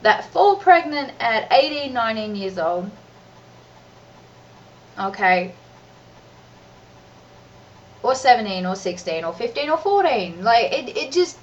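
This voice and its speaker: A high-pitched woman rants in a vlog, emphatic and exasperated, often breaking off and restarting. She sounds set back from the microphone. The recording is dull and lo-fi with faint noise behind her. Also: very animated, takes it slowly, long pauses, far from the mic. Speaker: mother and vlogger. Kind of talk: ranting vlog monologue.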